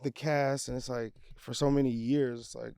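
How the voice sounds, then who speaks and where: Guest, man, mellow smooth voice, laid-back talk full of fillers, dry sound. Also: mid-range voice, normal speed, dry recording. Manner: relaxed, heavy use of "like" fillers. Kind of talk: casual reminiscing chat.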